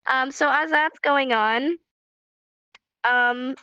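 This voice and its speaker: A woman's voice: high-pitched, extremely slow, pushed and bright, smooth, no echo. A woman sounding stuffed up from allergies, hosting a live virtual class and patiently giving casual instructions. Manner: friendly, patient, calls out names one by one. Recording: muffled lo-fi mic, dry.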